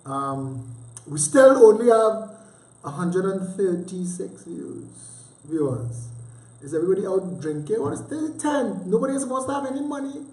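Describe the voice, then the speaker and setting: This Trinidadian livestream host speaks with a high, dark-toned voice, very animated at a moderate pace. He rambles casually in heavy dialect, throwing in sarcastic, teasing remarks, all in a roomy, echoing space.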